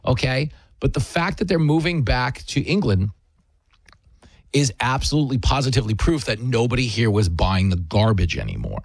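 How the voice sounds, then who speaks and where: A man's voice: mid-range voice, big pitch swings, moderate pace, no echo. A man hosting a show, delivering a sarcastic comedic monologue. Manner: sarcastic, mocking, puts on whiny voices.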